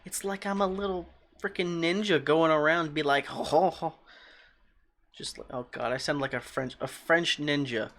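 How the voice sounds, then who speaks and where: A young man streaming a game, rambling and joking in a casual, often quiet voice, talking into a desk microphone at home. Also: fairly high pitch, fairly even intonation, normal speed. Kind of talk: casual gaming stream commentary.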